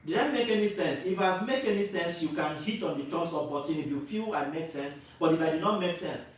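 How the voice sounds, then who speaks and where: A Nigerian vlogger delivers opinionated commentary to camera in a fairly high voice, a little fast, hammering his points with repetition and rhetorical questions. The mic sits some distance away, and his voice booms around a very echoey room.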